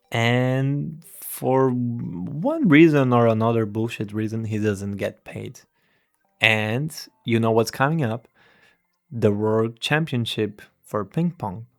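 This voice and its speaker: A man giving a rambling, irreverent movie review, swearing and restarting his sentences. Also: mid-range voice.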